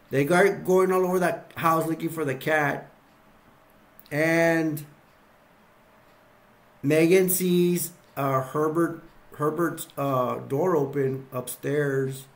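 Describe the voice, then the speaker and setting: A man casually retelling movie scenes in a rambling way, acting out the characters' lines. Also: fairly high pitch. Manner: rambling, acts out lines, lots of fillers. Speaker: video reviewer.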